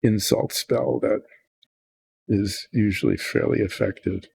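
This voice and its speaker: A man's voice: fairly low pitch, fairly even intonation, a little slow, gravelly, a little mellow, slightly rough, no room sound. An older man hosting a miniature painting video, chatting casually and thinking aloud in a meandering, self-deprecating way. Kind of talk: casual rambling chat while painting.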